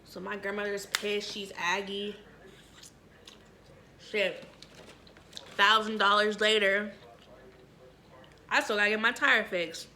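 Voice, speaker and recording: A young woman with a bright, sharp voice chats casually through a personal story. She is blunt and profane, and she leans on filler phrases. Her tone is candid and unpolished, like a vlogger talking to her viewers. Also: mid-range voice, little pitch movement, slow pace, pauses often. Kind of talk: casual storytime during an eating video.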